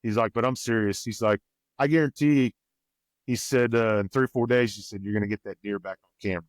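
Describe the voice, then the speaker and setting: Podcast guest, male, twang, folksy storyteller, lowish voice, dry booth sound. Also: steady tone, fast, dry recording. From Missouri, USA. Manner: rambling, folksy, quotes others with raised pitch. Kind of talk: casual storytelling.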